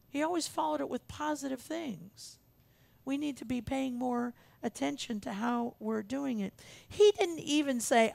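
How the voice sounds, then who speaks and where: A woman's voice: a little high, expressive, normal speed, creaky, a little mellow. A woman minister preaching a sermon in an earnest, emphatic way, repeating her key phrases for weight. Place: church sanctuary.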